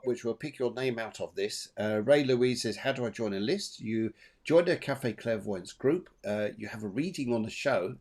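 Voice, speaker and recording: A man hosts a live psychic reading show. He is chatty and animated and laughs easily. His voice sits at a middle pitch. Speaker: medium and show host.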